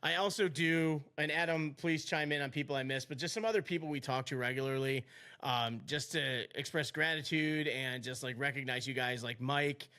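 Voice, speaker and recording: A man's voice: medium pitch, normal speed, pushed and bright. A man in his forties hosting a podcast, chatting casually and rambling, laughing often. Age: 40s. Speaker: podcast host.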